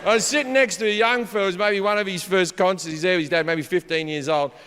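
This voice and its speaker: A man doing profane, animated stand-up storytelling, shouting his punchlines on a large theater stage. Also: high-pitched, quick pace, smooth. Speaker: stand-up comedian. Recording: live hall reverb, faint crowd ambience.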